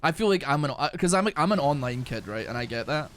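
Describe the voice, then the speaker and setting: A man's voice: on the high side, lively intonation, fast talker, a bit bright. A young man streaming a game live, chatting casually, rambling with frequent restarts and plenty of swearing. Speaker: gaming streamer. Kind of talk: casual live-stream chat while gaming.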